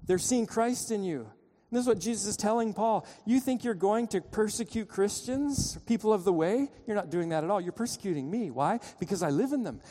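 A man preaching a sermon in a church, with a fairly high but mellow voice. He tells a story and pleads with his listeners, moving between loud passages and quiet ones. A long reverb trails after his words in the sanctuary. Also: expressive, a little fast, few pauses. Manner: storytelling, urgent pleading, dramatic shifts in loudness. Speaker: pastor.

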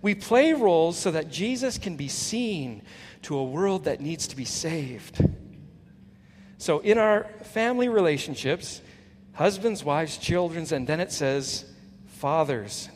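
A man's voice: lively intonation, unhurried, a little hiss or hum. Preaching man in a reverberant hall. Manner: earnest preaching, swinging between emphatic highs and soft, low asides. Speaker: pastor. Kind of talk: sermon. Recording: long hall reverb, faint ambience.

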